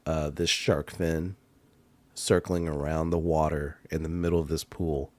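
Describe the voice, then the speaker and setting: A man's voice: rumbling low, little pitch movement, measured pace, no room sound. A man narrating as game master of a tabletop game, laid-back and laughing, getting hyped at dice rolls.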